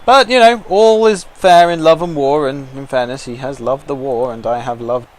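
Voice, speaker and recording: A man giving excitable, taunting commentary over a video game he is playing. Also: mid-range voice, moderate pace. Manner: excitable, taunting trash talk. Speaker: gaming commentator. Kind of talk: let's-play commentary.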